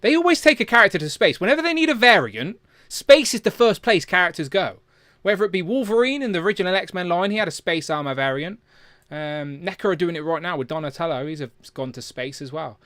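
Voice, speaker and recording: A man's voice: sits high, animated, fast talker, pushed and bright, no echo, clean studio sound. A man hosting a casual live chat about toys, reading viewer comments aloud. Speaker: livestream host.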